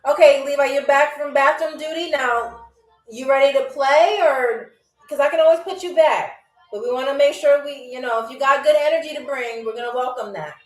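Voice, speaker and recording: A young woman hosting a live-stream trivia game, chatty and playful, teasing viewers by name and repeating phrases slowly. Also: high-pitched, reverberant, soft background music, low-quality recording. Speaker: game show host.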